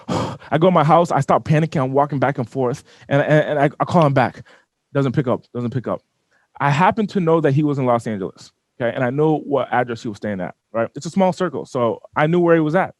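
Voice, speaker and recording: A man telling a personal story as an interview guest, animated and often repeating and restarting his words. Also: medium pitch, a little fast, dry recording. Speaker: business owner guest. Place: studio.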